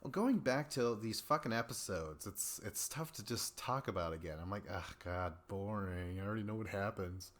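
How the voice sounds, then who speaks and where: A young man talking through a solo podcast recap in a loose, rambling way, swearing freely and filling pauses. His voice sits a little low. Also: fairly bright tone. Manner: rambling, profane, chatty with many fillers. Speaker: podcast host. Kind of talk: casual solo recap chat.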